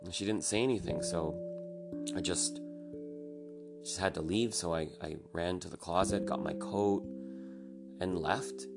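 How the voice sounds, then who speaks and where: Young guy, real low voice, soft and halting storytelling, lots of restarts, guitar music behind. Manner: halting, soft-spoken, with many restarts and fillers. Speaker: podcast host. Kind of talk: personal storytelling monologue.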